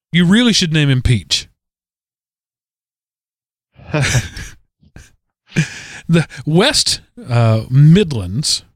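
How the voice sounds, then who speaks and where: A man co-hosting a podcast, casually retelling odd news stories in an animated way, often correcting himself mid-sentence. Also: mid-range voice, no room sound, clean studio sound. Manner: animated, self-correcting storyteller. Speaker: podcast co-host.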